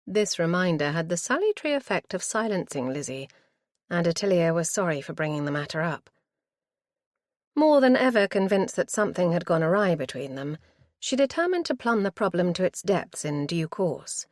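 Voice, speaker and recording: A woman narrating a period mystery audiobook in a measured, expressive way. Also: fairly low pitch, no room sound, studio quality. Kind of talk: scripted narration.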